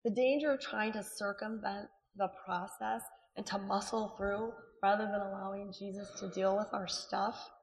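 A woman's voice: medium pitch, moderate pace, creaky, few pauses. Chatty woman preaching in an echoey hall. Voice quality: voice strained. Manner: chatty and animated, frequent asides and laughter. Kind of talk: sermon.

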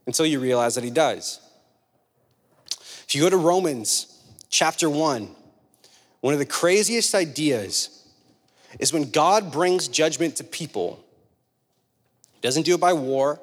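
Man, young adult, pastor, conversational sermon, emphatic repetition, slightly high voice, long hall reverb. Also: lively intonation, a little slow, long pauses. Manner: conversational storytelling, emphatic repeated points.

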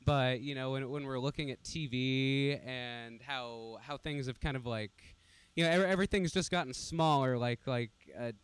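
A young man with a smooth, clear voice, relaxed and hedging his points in casual chat. His voice is recorded dry and close. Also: medium pitch, moderate pace, dry recording. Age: young adult.

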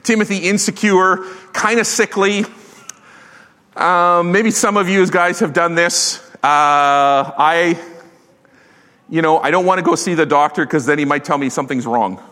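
A middle-aged man preaching a sermon in a lively, joking, conversational way. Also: fairly high pitch, moderate pace, pauses often. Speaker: pastor. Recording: long hall reverb.

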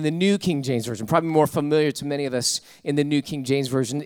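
A male pastor delivers a sermon in a fairly high voice. He mixes folksy storytelling with rising call-and-response preaching. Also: fast talker, hardly any pauses, darkish tone, smooth.

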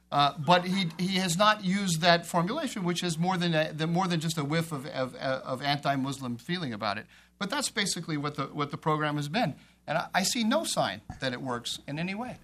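A man speaking on a policy panel, with a voice that sits a little higher than most men's. He argues emphatically, circling back and repeating phrases to drive his point home. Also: expressive, brisk, a bit bright. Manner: emphatic, repeats phrases while building an argument.

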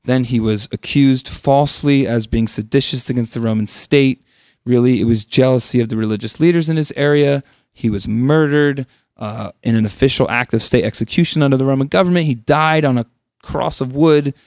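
A man's voice: medium pitch, brisk, darkish tone, no echo, clean studio sound. Man teaching a casual Bible study. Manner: conversational, joking asides, questions to the group.

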